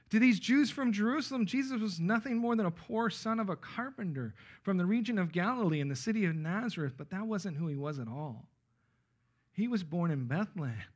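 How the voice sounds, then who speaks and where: A man preaching an expository Bible sermon, emphatic and checking in with his listeners with frequent okay and right. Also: sits high. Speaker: pastor.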